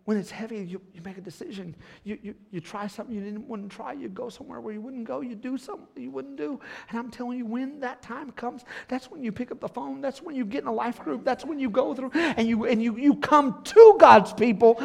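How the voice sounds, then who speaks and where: High gravelly preacher, hushed to shouting. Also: male voice, a little fast, hardly any pauses. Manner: swings from hushed to shouting, laughs with the congregation. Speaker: pastor. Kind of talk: sermon. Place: church sanctuary.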